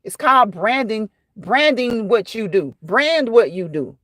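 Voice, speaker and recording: A woman's voice: on the high side, animated, unhurried, a bit bright, no room sound. A woman hosting a casual livestream, chatting and fussing while she answers viewers by name. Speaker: livestream host reading chat.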